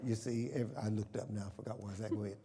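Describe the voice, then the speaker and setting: Older pastor, mellow timbre, call-and-response sermon, long church reverb. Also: male voice, fairly low pitch, level tone, racing. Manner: call-and-response, asks congregation questions. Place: church sanctuary.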